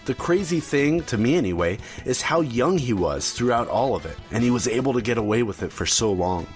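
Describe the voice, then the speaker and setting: A man's voice: medium pitch, lively intonation, a little fast, faint music behind. A man hosting a solo podcast, talking casually and rambling a bit with fillers and restarts. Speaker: podcast host.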